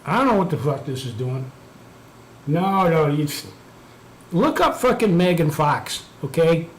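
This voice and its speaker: A man's voice: fairly high pitch, lively intonation, unhurried. A man hosting a live stream, chatting casually and telling a profane story while muttering over his computer work. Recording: echoey room, faint background noise.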